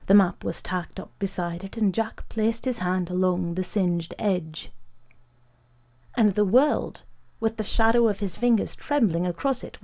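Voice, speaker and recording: A woman narrating a literary short story in a measured, unhurried way. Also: mid-range voice, mellow.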